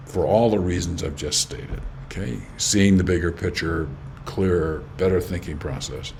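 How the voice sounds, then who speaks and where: A man hosting a spiritual teaching channel, reading quotes and explaining them in an unhurried, emphatic way, often checking in with "okay?". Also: sits low, vocal fry, a little mellow, slight background noise. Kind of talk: reflective spoken commentary on quoted teachings.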